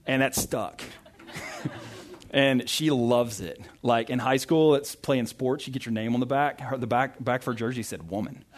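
A man's voice: mid-range voice, normal speed. A young man giving a casual, conversational sermon, reading scripture and often checking in with "right?". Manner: chatty, self-interrupting, often asks "right?". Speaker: pastor.

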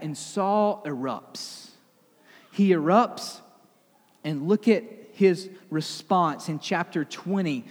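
A man preaching a sermon in a conversational way, retelling a scripture story with lively asides. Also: high-pitched, long reverb tail. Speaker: pastor.

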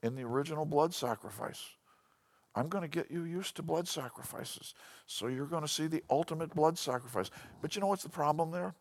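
A man giving a sermon-style Bible lesson, animated and storytelling, often restarting his sentences. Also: a little high, a little fast. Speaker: Bible teacher.

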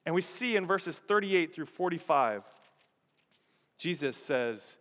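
A high-voiced male pastor delivers a sermon as dramatic storytelling. His voice sinks low and hushed, then swells loud. It carries with the long echo of a big church hall. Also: animated, slow. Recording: long reverb of a large hall.

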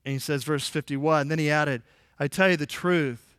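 A man's voice: fairly high pitch, fairly even intonation, moderate pace, a bit bright, clear, resonant tone, no room sound, clean studio sound. Casual, joking male pastor. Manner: conversational, jokey, acts out quoted lines. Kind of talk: casual sermon.

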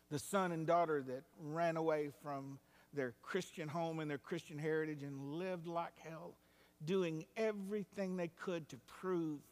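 A male pastor preaching a sermon, moving between hushed, quiet passages and loud, rising climaxes. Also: fairly high pitch. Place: church sanctuary. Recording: long hall reverb.

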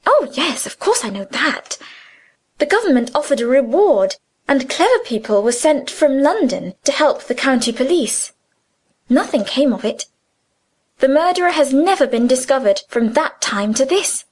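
A woman voicing a simple, placid young schoolgirl who chats gently about gossip from home. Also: high-pitched, sing-song, moderate pace, slightly rough, heavily acted. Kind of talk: audiobook character reading.

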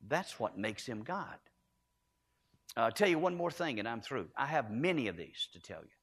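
A man's voice: medium pitch, very animated, moderate pace, fairly bright tone, slightly rough. A man preaching a storytelling sermon in a church, earnest and emphatic, repeating key phrases. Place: church sanctuary. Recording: echoey hall with long reverb.

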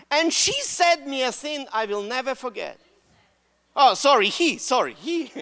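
A man's voice: very high voice, a little slow, in a large hall. A man with a Russian accent preaching a sermon with energy and calling on the congregation to answer him. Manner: energetic, calls out to the congregation for responses.

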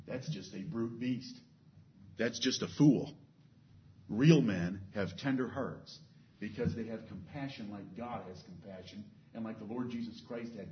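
A man's voice: fairly low pitch, far from the mic. A man preaching a sermon, earnestly retelling Bible stories and reading scripture aloud. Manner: earnest preaching, reads scripture in King James wording. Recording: dull lo-fi sermon recording.

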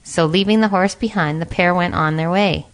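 Brief: woman storyteller, slightly low voice, even storybook narration. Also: moderate pace, smooth. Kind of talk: storybook reading aloud.

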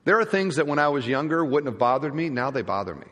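A man's voice: fairly high pitch, very animated, quick pace, a bit bright. Guy preaching a sermon, emphatic, keeps asking the crowd questions, big swoopy delivery. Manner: emphatic, asks the congregation rhetorical questions. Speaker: pastor. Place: church sanctuary. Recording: long church hall reverb.

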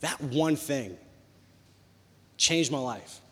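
A young man preaching a sermon, telling a personal story in a lively, conversational way. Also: medium pitch, extremely slow, slightly rough. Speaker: pastor. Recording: long hall reverb.

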